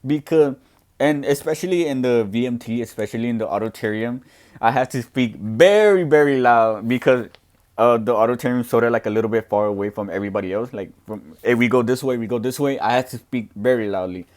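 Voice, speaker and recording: Loud, earnest young deaf man. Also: medium pitch, brisk. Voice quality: deaf speaker's voice. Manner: speaks loudly and earnestly, with many restarts. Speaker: student podcaster answering questions. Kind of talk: casual Q and A.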